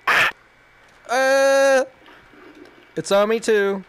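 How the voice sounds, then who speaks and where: Gamer man, high and swooping voice, panicky swearing, slow delivery, reacting to a VR game. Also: lively intonation. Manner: jumpy and panicky, swearing constantly. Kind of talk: reacting while playing a VR game.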